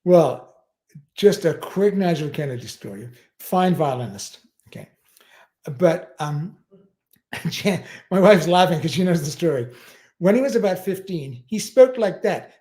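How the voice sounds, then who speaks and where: Male host, mellow tone, higher pitch, chatty rambling storyteller. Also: lively intonation, unhurried. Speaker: livestream host. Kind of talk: casual chat.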